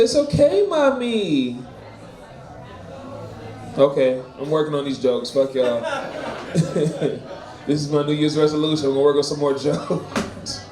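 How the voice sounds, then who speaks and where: A man's voice: a little high, darkish tone. A man doing a loose, profane stand-up set at an open mic, laughing at his own jokes. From Florida. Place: bar or small venue. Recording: echoey room, crowd heard.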